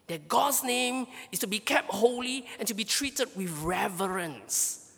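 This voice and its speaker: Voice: medium pitch, lively intonation, normal speed, sharp tone. A pastor giving an earnest, emphatic sermon, often repeating words while finding the phrase. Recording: echoey hall reverb.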